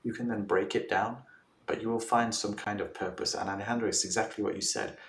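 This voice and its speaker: A man's voice: lowish voice, fairly even intonation, fairly quick, a bit bright. A man guest coach in a casual interview, telling stories animatedly and acting out his clients' replies. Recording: roomy, distant mic with faint ambience.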